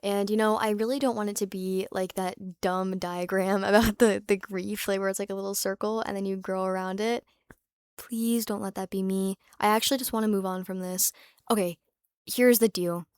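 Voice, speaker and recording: A woman's voice: mid-range voice, steady tone, moderate pace, darkish tone, smooth, dry recording. Rambling young woman vlogging, dry sound. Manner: rambling, candid, frequent fillers and restarts, swears casually. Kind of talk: casual chat to camera.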